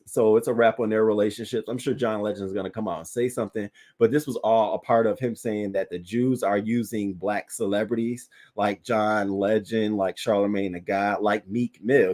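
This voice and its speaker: A man's voice: fairly low pitch, a little mellow. Blunt, cussing male stream host. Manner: blunt and profane, talks straight to viewers. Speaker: livestream host reading viewer chat. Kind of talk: casual celebrity news commentary.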